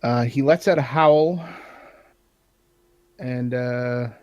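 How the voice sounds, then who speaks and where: A man's voice: medium pitch, extremely slow, a little mellow, no echo, dull audio. A man narrating a tabletop game as game master, hesitant and full of filler words.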